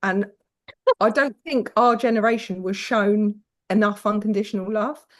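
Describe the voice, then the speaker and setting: A woman's voice: mid-range voice, fairly even intonation, normal speed. Frank, swearing British woman. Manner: frank and swears casually, acts out quoted voices. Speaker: podcast guest. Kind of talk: candid conversational storytelling.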